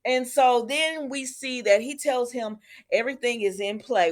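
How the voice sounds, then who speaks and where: A woman's voice: fairly high pitch, a little slow. A woman chatting casually to her viewers as she recaps a soap episode, retelling scenes and calling them y'all. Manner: retells scenes, quoting characters. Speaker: soap opera reviewer.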